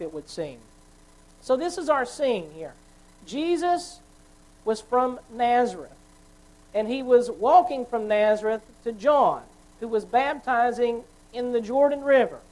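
Measured, fairly high-voiced woman preacher. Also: poor audio. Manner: measured, explanatory, with self-corrections. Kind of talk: sermon.

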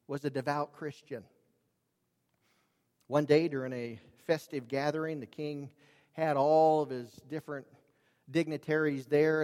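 A man preaching a sermon, earnest and emphatic, dropping his voice low and raising it for emphasis. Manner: earnest, emphatic, varies volume for drama. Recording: long reverb of a large hall.

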